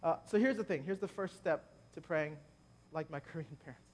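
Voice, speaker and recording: A man leading prayer preaches a sermon in a conversational style, tossing joking asides to the congregation at a church gathering. His voice is slightly high, slightly quick, and somewhat mellow.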